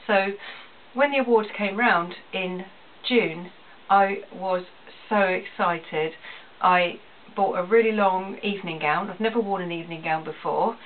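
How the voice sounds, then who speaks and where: Business woman doing a vlog, earnest, kinda far from the mic, tinny sound with hiss. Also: fairly low pitch. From England. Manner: earnest and emotional, repeats phrases. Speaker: small business owner vlogging. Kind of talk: personal vlog to camera. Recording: tinny phone-like audio, distant, faint hiss.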